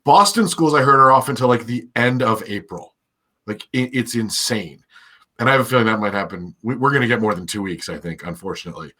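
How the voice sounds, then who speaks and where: A man's voice: mid-range voice, animated, a little fast, bright, forceful tone. A man hosting a casual podcast chat, chatty and hedging his words. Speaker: podcast host.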